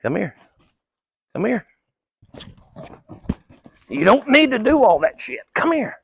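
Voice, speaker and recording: A man's voice: very high voice, very animated, slow, creaky, a bit bright, breathy edge, no echo. A middle-aged man working as a horse trainer, coaching viewers through a live training session in a folksy, casual way with the odd curse word.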